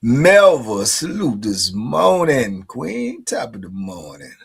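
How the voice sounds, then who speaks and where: A man's voice: mid-range voice, wildly swooping pitch, slow, gravelly, background noise. A man hosting a live stream in casual chat. He laughs often and keeps asking "you dig?". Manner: laid-back slang talk, laughs often, asks "you dig?".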